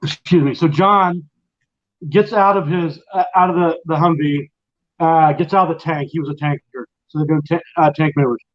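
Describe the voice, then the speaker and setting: A man's voice: fairly high pitch, steady tone, moderate pace, highs cut off. A middle-aged man hosting a casual late-night chat and telling a long, rambling story. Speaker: host.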